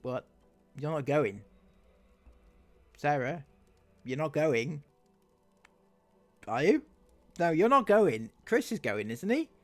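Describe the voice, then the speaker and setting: Man, sarcastic reaction commentator, mocking tone, lively swinging pitch. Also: slow pace, pauses often, faint music behind. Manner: mocking, sarcastic, laughs at the clips. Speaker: commentary YouTuber.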